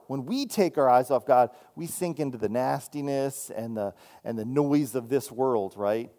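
A man with a medium-pitched, slightly mellow voice preaches as a student minister, keeping a moderate pace with few pauses. His sermon sounds conversational, full of restarts and repeated "right?" check-ins.

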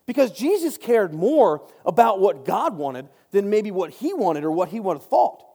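Man, casual Bible study, mellow tone, self-interrupting, long echoing reverb. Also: high-pitched, very animated, moderate pace, husky. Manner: chatty, self-interrupting, joking asides. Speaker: Bible teacher.

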